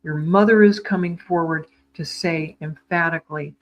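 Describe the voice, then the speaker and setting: A woman giving live psychic readings, speaking in a tender, soothing way with gentle repetitions and small stumbles, calling viewers sweetheart. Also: sits low, steady tone, moderate pace, hardly any pauses, lo-fi sound. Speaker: psychic medium.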